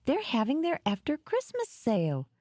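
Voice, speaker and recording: A woman's voice: high voice, huge pitch swings, moderate pace, dark tone, dry recording, voice pushed up, exaggerated voice. Woman voicing a bubbly, teasing young woman. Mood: playful. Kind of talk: audiobook character reading.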